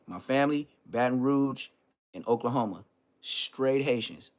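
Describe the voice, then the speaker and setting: A man hosting his own live stream, telling a story in a loose, profane way and jumping into high-pitched exclamations. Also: unhurried. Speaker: livestream host.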